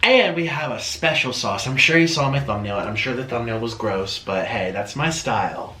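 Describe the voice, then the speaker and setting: A man hosting a chatty eating vlog at home, talking in a theatrical sing-song way that swings from loud bursts to mumbles. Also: mid-range voice, lively intonation, normal speed. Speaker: mukbang host.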